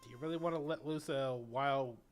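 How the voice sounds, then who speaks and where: A man's voice: mid-range voice, fairly quick, soft background music. A man streaming a game, chatting casually and cracking jokes while he reads dialogue aloud. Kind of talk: casual game playthrough chat.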